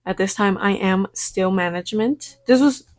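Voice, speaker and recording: A woman's voice: medium pitch, moderate pace. A young woman, chatting and telling rambling work stories while getting ready, swearing freely and acting out her own replies. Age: young adult. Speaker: vlogger. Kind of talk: get-ready-with-me storytime chat.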